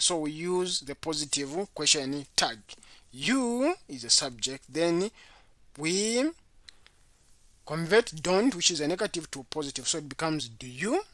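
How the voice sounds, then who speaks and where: A teacher giving an exam-prep grammar lesson, deliberately repeating each example aloud. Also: mid-range voice, sharp tone, no room sound. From Zambia. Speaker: English teacher.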